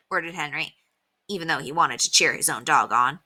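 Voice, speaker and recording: A woman teacher reading a children's chapter book aloud in an expressive storytelling manner. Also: sits low, fairly quick.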